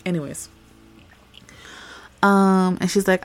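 A woman's voice: lowish voice, steady tone, moderate pace, long pauses. A woman podcast host casually retelling a comic's story in a chatty, slangy, profane way, full of "like". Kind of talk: casual plot recap.

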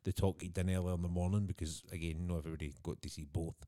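Deep-voiced Scottish man telling stories. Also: fairly even intonation, very fast, dark tone. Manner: chatty storyteller, laughs often. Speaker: podcast co-host. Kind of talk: casual chat.

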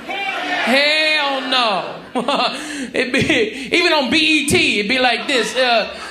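A male comedian works a live club crowd with a brash, profane, mocking routine, his voice sitting fairly high and rising into shouts on the punchlines. The room is roomy, full of audience laughter and general noise. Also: expressive, slow pace. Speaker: stand-up comedian. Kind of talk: stand-up comedy set.

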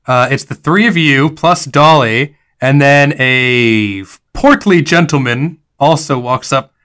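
A man's voice: medium pitch, takes it slowly, hardly any pauses, pushed and bright, clean tone. A man narrating as game master of a tabletop role-playing game, talking with frequent uhs and restarts. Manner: stammering with many uhs, slips into folksy character voices.

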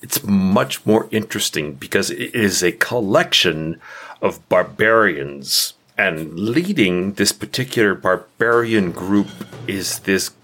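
A man narrating as game master of a tabletop game, relaxed and often chuckling. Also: low-pitched, slow.

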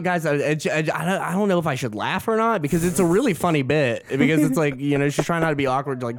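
A man's voice: a little high, a little fast, no room sound, studio quality. A young adult man, a guest actor, telling a story casually and acting out the quotes with laughs. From Augusta. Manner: animated, laughing, acts out quotes.

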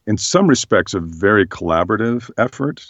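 Casual guest: hoarse, very deep-voiced man, reflective, on a muffled lo-fi track. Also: a little fast, dry recording. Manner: relaxed, thoughtful, many fillers. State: slightly hoarse. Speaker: voice actor guest. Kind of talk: casual interview chat.

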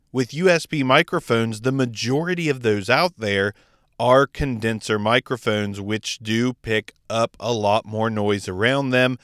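A man's voice: mid-range voice, a bit bright, clean tone, dry recording. A man giving a casual, opinionated tutorial on podcast gear, speaking close into a microphone. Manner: opinionated, chatty, enthusiastic. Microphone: speaking into a close dynamic microphone.

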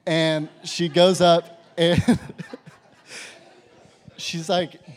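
A man's voice: fairly high pitch, takes it slowly, long pauses. Young man telling a story in a hall. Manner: casual, animated, many "like" fillers. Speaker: speaker sharing a testimony. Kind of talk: storytelling testimony to a live audience. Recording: reverberant hall.

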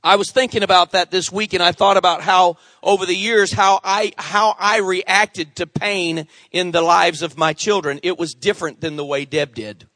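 A middle-aged man preaches a sermon with an animated delivery, pausing to call for amens from the congregation. His voice sits high and has a bright, forceful edge. The recording is dry and close. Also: dry recording. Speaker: pastor.

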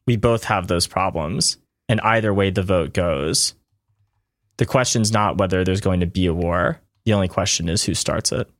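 A man voicing a world-weary, condescending former comrade in a tabletop game, speaking in a measured way. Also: deep voice, dry recording. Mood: grave.

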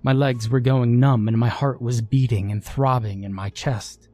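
A man narrating a first-person horror story in a measured, scripted way. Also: mid-range voice, steady tone, darkish tone, soft background music.

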